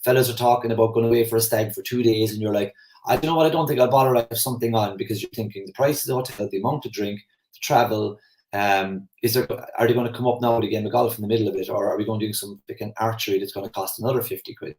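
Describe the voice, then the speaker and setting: A man's voice: on the low side, steady tone, fast, a little mellow, reverberant, poor audio. Irish man in his forties, chatty coach. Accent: Irish, Kerry. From Ireland. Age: 40s. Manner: rambling, anecdotal, conversational with fillers. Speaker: personal development coach. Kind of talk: casual spoken talk.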